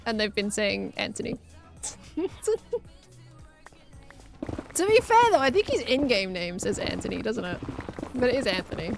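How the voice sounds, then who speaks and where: A woman's voice: medium pitch, animated, normal speed, gravelly, pauses often, music in the background. A young adult woman streaming casually, answering chat messages and laughing often.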